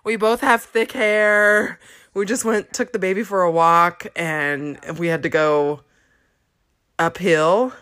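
A woman's voice: lowish voice, steady tone, slow, a bit bright, clean tone. A woman hosting a podcast, out of breath and laughing, rambling and restarting her intro. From Southern California. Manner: giggly, rambling, restarts often. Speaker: podcast host. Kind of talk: casual chat.

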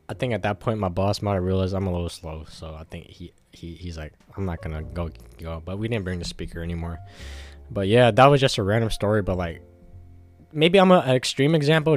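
A man telling a casual, rambling story to the camera, full of fillers and swearing. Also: lowish voice.

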